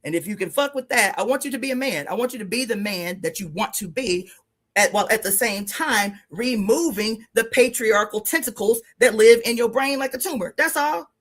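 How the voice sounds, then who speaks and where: A middle-aged woman appears as a guest on a radio show, speaking a little fast in a slightly high voice. She's blunt and emphatic, swears plenty, and tells her stories casually while laughing along.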